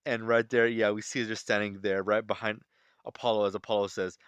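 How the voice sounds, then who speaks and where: A man's voice: lowish voice, level tone, brisk, smooth, dry recording, lo-fi sound. Rambling man breaking down a manga. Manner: rambling, many restarts and fillers. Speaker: manga reviewer. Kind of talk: casual chapter breakdown.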